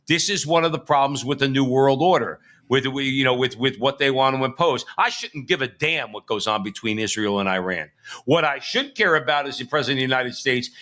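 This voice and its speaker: Bright-voiced middle-aged male co-host. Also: mid-range voice. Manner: rambling, emphatic, frequent restarts. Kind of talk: live political talk show.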